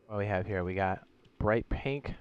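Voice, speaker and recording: A man who is sick and hoarse, streaming a game in casual commentary, with a raspy voice and frequent throat clearing. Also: fairly low pitch, moderate pace, lo-fi sound. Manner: clears his throat often, rambling and thinking aloud.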